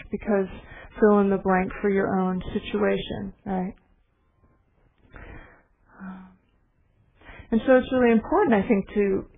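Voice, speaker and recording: A middle-aged woman meditation teacher giving a gentle, reflective dharma talk with pauses. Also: medium pitch, a little hiss or hum. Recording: tinny phone-like recording.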